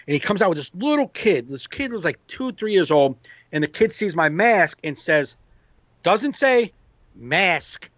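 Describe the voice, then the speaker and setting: A man, a comedian hosting a podcast, telling a profane, animated story in casual banter. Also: fairly high pitch, no room sound, muffled recording. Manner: animated storyteller, profane, acts out quoted voices.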